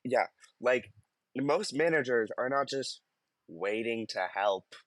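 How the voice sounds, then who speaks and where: A man's voice: medium pitch, animated, takes it slowly, a bit bright, dry recording. A man co-hosting a podcast, reading stories aloud in casual chat and laughing mid-sentence. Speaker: podcast co-host.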